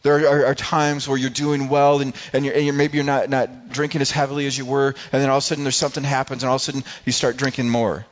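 A man's voice: mid-range voice, level tone, fast, few pauses. A man preaching a sermon as pastor, talking conversationally, often repeating words and acting out what people say. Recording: slightly dull, lo-fi sound.

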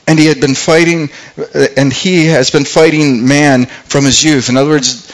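Speaking at a measured pace with fairly even intonation, a man with a voice on the high side retells a scripture story in his sermon. He acts out the characters' thoughts as dialogue and frequently repeats words while thinking aloud, all on a rough recording.

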